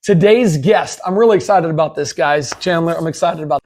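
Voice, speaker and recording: A man hosts a webinar in a notably high voice. He is eager and effusive, and his praise tumbles out with plenty of "uh"s. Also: fairly quick, a little mellow. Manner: eager and effusive, with many fillers. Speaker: webinar host. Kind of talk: upbeat guest introduction.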